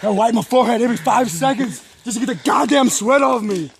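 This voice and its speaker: A man's voice: very high-pitched, animated, fast. A man putting on a crude, boastful action-star character on a nature walk, rambling profanely and laughing at his own jokes outdoors on a trail. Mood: griping. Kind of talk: improvised comedy walk-and-talk. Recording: clear outdoor background noise.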